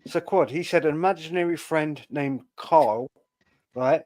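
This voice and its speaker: A man's voice: fairly high pitch, unhurried, a little mellow. A man co-hosting a podcast, chatting casually and sarcastically picking apart a comedian's act. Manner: sarcastic, explaining. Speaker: podcast co-host. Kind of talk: casual chat.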